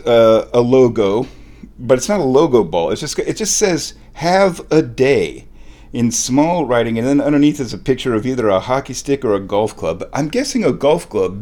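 A man of medium pitch tells a casual story from his kitchen. He laughs often and gets worked up, and his voice leaps high when something thrills him. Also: mellow. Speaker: vlogger telling a golf ball hunting story. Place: kitchen at home.

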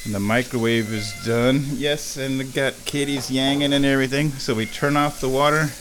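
A man's voice: mid-range voice, fairly even intonation, normal speed, a bit bright, slight background noise. Man narrating his chores at home. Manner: narrates his own chores step by step in a running commentary. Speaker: vlogger. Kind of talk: casual narrated vlog. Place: home, kitchen then downstairs.

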